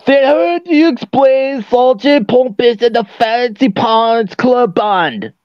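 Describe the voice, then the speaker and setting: A man voicing a grumpy, sarcastic male ogre husband in a fan dub, gruff and attempting a Scottish accent. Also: very high-pitched, takes it slowly, no echo, muffled recording. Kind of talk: fan dub of an animated film.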